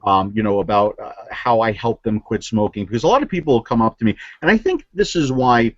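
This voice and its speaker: A man's voice: medium pitch, lively intonation, brisk, no echo, dull audio. A man from New Jersey, a guest on a casual show, telling stories in an earnest way with many fillers and restarts over a video call. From New Jersey, USA. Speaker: guest vaping reviewer. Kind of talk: casual chat, storytelling.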